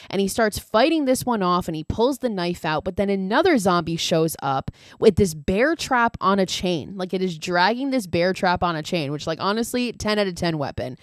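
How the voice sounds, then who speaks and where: A woman's voice: medium pitch, dry recording, clean studio sound. A woman hosting a podcast, casually recapping a film with lots of swearing and gushing asides. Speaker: podcast host.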